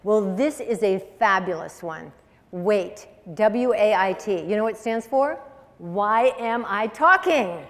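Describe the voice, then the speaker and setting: A middle-aged woman psychologist giving a lively, conversational public lecture to parents, often asking the audience questions. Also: mid-range voice, measured pace. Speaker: speaker, psychologist. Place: high school auditorium. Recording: long hall reverb.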